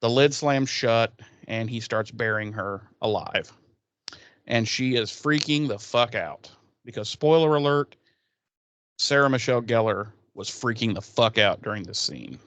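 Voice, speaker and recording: Man, podcast host, rambling profane recap, mid pitch, dry sound. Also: measured pace, a bit bright, dry recording. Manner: rambling storytelling, swearing, laughing asides.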